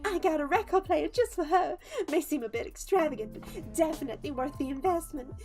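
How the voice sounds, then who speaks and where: A woman voicing an eager, excited young female jazz fan while reading game dialogue aloud, with game music behind. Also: high voice, brisk. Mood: gushing. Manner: gushing, excited.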